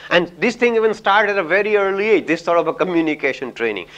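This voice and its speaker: A male professor with an Indian English accent, speaking in a slightly higher register than most men. He teaches through personal stories in a loose, conversational way. He keeps dropping "you know" and chuckling between points. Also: quick pace, fairly bright tone, lo-fi sound. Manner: chatty storyteller, frequent "you know", chuckles. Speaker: professor giving a lecture. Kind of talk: lecture with anecdotes.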